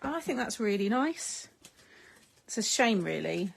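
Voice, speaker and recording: A middle-aged woman chats away to her viewers while she crafts. Her voice is gravelly and a little husky. She rambles, laughs often and lets sentences trail off. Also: medium pitch, very animated, unhurried. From United Kingdom. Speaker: craft live-stream host. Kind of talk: casual chat while crafting, replying to viewer comments.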